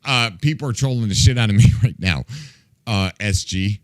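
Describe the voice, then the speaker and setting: A man's voice: on the low side, normal speed, dry recording. A man hosting a live stream in casual chat with viewers. He is playful, laughs often, makes silly sound effects with his mouth and plays at being fed up with the chat. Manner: mock-exasperated as he reacts to chat. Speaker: livestream host.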